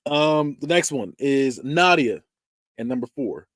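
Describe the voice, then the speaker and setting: A man's voice: mid-range voice, lively intonation, measured pace, fairly bright tone, no room sound, studio quality. A man hosting a podcast, chatting casually and animatedly about movies, laughing, swearing and acting out scenes. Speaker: podcast host. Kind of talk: casual movie-review chat.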